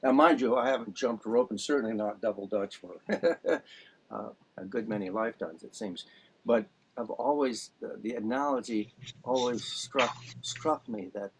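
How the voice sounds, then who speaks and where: Low-voiced guy with a husky edge, teaching over a video call, rambles and explains with everyday comparisons. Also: poor audio. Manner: rambling, explains with homely analogies. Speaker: dulcimer teacher. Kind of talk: casual class introduction.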